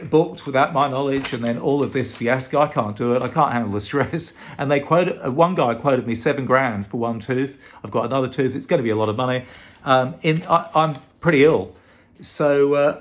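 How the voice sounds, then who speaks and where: A man with a British-sounding Australian accent, talking casually to camera in an exasperated, emphatic way with frequent restarts. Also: mid-range voice. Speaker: vlogger and advocate for infected blood victims.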